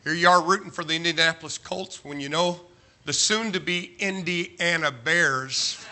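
A man's voice: fairly high pitch, unhurried, bright, forceful tone, a little hiss or hum. A man preaching a sermon to a large church, emphatic and joking, firing off rhetorical questions. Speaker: pastor.

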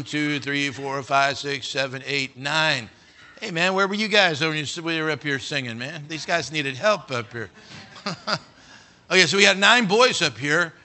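A man preaching a sermon in a church, animated and dramatic, speaking directly to the congregation. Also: fairly high pitch.

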